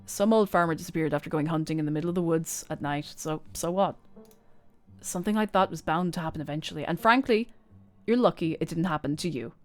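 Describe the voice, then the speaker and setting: A woman reading a grumpy young woman's lines in a game, curt and dismissive, a little lower than her own voice. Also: fast talker, lightly acted. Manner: curt, dismissive, low and flat.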